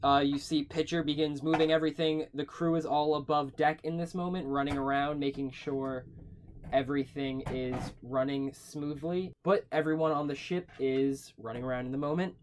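A young man narrates a tabletop game as its game master, in a fairly high voice. He improvises in a casual way and swears freely. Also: fairly even intonation, moderate pace, a little hiss or hum.

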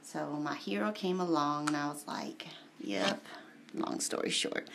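A woman's voice: on the low side, unhurried, gravelly, a little hiss or hum. A woman casually reading aloud at home and adding her own rambling, heartfelt, emotional commentary. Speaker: reader giving commentary.

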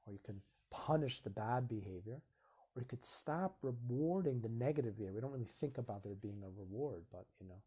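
Man, live-stream host, husky, mellow, earnest casual talk. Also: mid-range voice, expressive, a little fast. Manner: earnest, reflective, acts out little dialogues.

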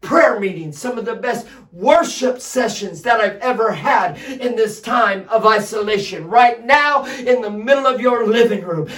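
High-voiced man preaching at full shout. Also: lively intonation, a little slow, few pauses, far from the mic. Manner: preaching with rising shouted emphasis. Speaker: pastor. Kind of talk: sermon. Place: streamed service addressed to home viewers.

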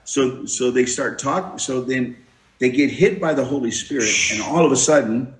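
A man's voice: mid-range voice, moderate pace. A man giving his testimony as an interview guest, telling his story with many restarts and acting out the voices he quotes. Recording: roomy echo.

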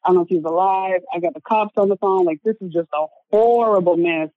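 A woman's voice: on the low side, brisk, no room sound. A woman telling a personal story as an interview guest, earnest and full of filler words. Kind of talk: personal story told in conversation. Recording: narrow phone-like sound, dry.

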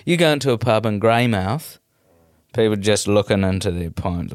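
A middle-aged New Zealand man with a fairly low voice tells stories in a loose, animated flow, restarting his sentences as he goes. The sound is dry and close, with no room around it. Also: moderate pace, dry recording. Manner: rambling, animated storytelling with many restarts. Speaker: comedian, guest. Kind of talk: casual interview chat.

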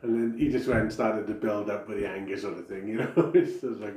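A man with a fairly low voice trades army memories on a laid-back podcast. He laughs easily as he talks. The room gives his voice a noticeable echo. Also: fast talker, few pauses, slight background noise. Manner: laughs often, relaxed storyteller. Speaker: podcast co-host. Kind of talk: casual chat. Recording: roomy echo.

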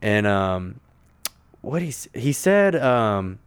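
A man's voice: lowish voice, big pitch swings, takes it slowly, smooth. A man on a podcast telling a long, rambling story in casual chat, full of swearing and fillers, recorded in a conference room. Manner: profane, filler-heavy, rambling.

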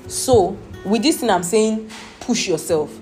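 This Nigerian-accented woman delivers a Bible lesson at a slow pace, her medium-pitched voice warm and animated. Earnestly, she checks on her audience again and again with "Do you understand?", while music sounds behind her in an echoey room.

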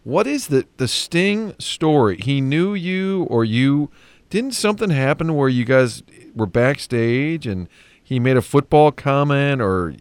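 A male podcast host chats with his guest in a loose, joking way and throws in quick asides. His voice sits at an ordinary pitch and sounds dry and close to the mic. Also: expressive, clean tone, no room sound. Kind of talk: casual interview chat.

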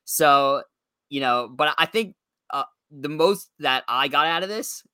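A man with a bright voice recounts what happened on the show in an easy, conversational way, with the occasional "you know." The sound is close and dry, with no room around it. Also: fairly high pitch, animated, a little slow, clean tone, no room sound. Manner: conversational, recounting events with fillers. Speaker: podcast co-host. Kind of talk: casual chat.

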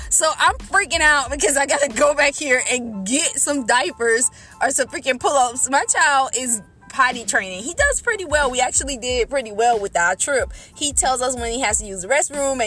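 A young woman talking from her car to her listeners, excitable and exasperated, breaking into laughter often. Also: high voice, moderate pace, faint music behind. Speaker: podcast host. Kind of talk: casual storytelling to listeners. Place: in her car, parked and driving. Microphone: phone.

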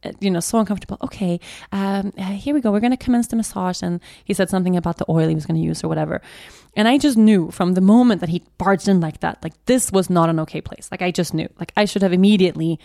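A young woman with a low, gravelly voice tells a personal story on her podcast. She talks haltingly, often restarting and repeating words. The sound is dry and close. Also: dark tone, no echo. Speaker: podcast host.

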